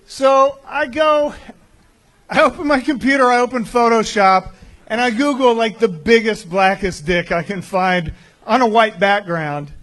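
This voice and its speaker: A man's voice: high-pitched, a little slow, fairly bright tone, low-quality recording. A young man doing a crude, confessional stand-up set. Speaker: stand-up comedian.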